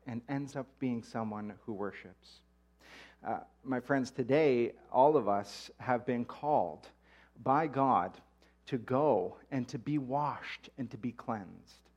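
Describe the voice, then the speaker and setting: A man's voice: medium pitch, darkish tone. A man preaching a sermon, reading scripture aloud in a conversational way and animating the quoted voices.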